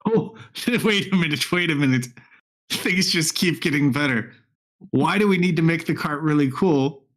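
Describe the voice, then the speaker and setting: A man playing a tabletop game in character, excitable and laughing often as he pitches ideas. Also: normal speed.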